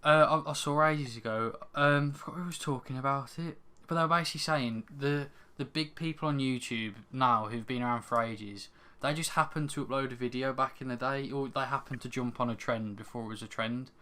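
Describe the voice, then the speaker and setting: A man's voice: mid-range voice, fairly quick, few pauses, sharp tone. A young man co-hosting a podcast, telling stories in casual chat with hesitant restarts. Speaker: podcast co-host.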